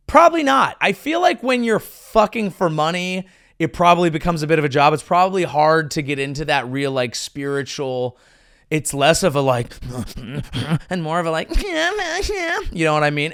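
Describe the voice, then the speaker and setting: Animated crude comedian, bright dry voice. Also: male voice, a little high, dry recording. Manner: crude, animated, jumps into silly impressions. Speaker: comedy podcast host. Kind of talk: comedic riffing monologue.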